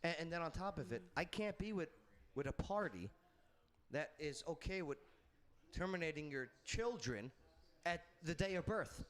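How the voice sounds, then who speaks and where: A man's voice: on the high side, sing-song, normal speed. A man hosting a political panel discussion, talking emphatically and repeating his points. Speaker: talk show host.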